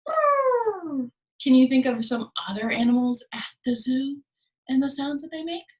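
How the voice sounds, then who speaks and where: A woman leading a library program for small children, talking in a slow, sing-song way and often dropping to soft whispers. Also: high-pitched. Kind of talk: teaching preschoolers. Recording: voice a bit distant from the mic.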